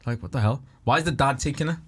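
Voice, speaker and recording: A man's voice: medium pitch, fast talker, breathy edge. A young man, co-hosting a podcast in laid-back, reflective casual chat. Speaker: podcast co-host.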